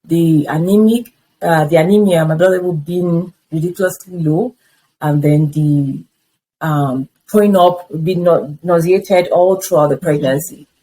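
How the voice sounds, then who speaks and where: Husky-voiced woman in her fifties. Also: on the low side, unhurried, low-quality recording. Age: 50s. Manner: animated storytelling that acts out past conversations. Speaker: interview guest. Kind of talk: personal testimony in a conversational interview.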